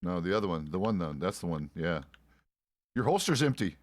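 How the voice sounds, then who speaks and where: A man's voice: low-pitched, very animated, brisk, no echo, clean studio sound. A middle-aged man chatting casually while role-playing a frontier deputy, rambling and swearing with many restarts. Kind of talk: casual role-play chat.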